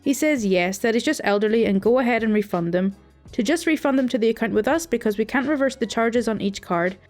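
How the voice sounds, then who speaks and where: A woman with a fairly high voice hosts a storytime video, reading a call center tale aloud. Her delivery is wry and amused. Faint music plays behind her. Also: brisk, darkish tone. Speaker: storytime channel host.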